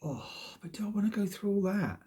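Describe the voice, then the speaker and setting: A man's voice: high voice, big pitch swings, a little fast, mellow. A man rambling casually to his viewers, self-deprecating and swearing freely. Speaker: vlogger. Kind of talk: casual rambling monologue to camera.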